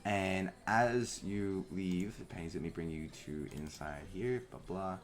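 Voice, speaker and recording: A man's voice: low-pitched, measured pace. A man narrating as game master in loose, rambling narration with many fillers.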